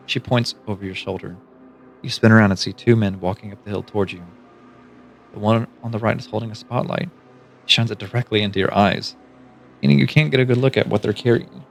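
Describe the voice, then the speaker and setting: A man reading a book aloud to his stream, narrating calmly and steadily in the second person. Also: on the low side, a little fast, vocal fry, soft background music.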